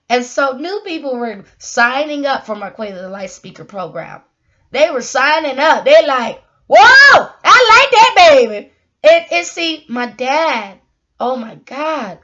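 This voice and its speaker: A woman's voice: sits high, fairly bright tone. A woman speaking to camera about her life and faith, acting out the people she quotes with sudden raised, emotional delivery. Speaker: motivational speaker. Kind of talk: personal testimony monologue. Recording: dull lo-fi sound.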